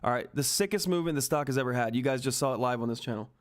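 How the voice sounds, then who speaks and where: A man hosting a live stock market stream, talking excitedly and emphatically to his chat from home, repeating himself for emphasis. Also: mid-range voice, racing. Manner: hyped, repetitive, emphatic, swears mildly. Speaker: stock market livestream host.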